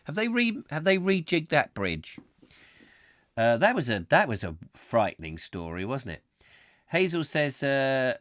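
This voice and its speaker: A man's voice: medium pitch, huge pitch swings, measured pace, fairly bright tone, no room sound. Brief: male host, chatty, rambling, dry close-miked sound. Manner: rambling, chatty, easily exasperated. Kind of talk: live casual chat show. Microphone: close microphone.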